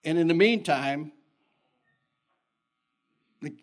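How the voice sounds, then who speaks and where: An older man who is a pastor, giving an animated sermon full of personal stories that jump in pitch. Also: takes it slowly. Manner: animated storytelling with sudden pitch jumps and chuckles.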